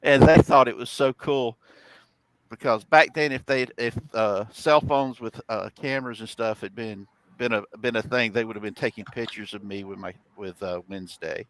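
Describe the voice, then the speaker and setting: A man's voice: medium pitch, steady tone, moderate pace, a little hiss or hum. A middle-aged man telling rambling stories in casual chat on a home live stream, laughing often. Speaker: host, father.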